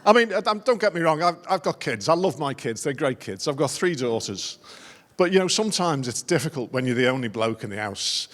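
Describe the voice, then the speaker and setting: Wry middle-aged comedian in a big hall. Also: male voice, on the high side, very animated, brisk, few pauses, fairly bright tone. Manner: wry, self-deprecating storytelling. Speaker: after-dinner comedian. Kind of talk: stand-up comedy routine. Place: large conference dinner hall. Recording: long reverb of a large hall.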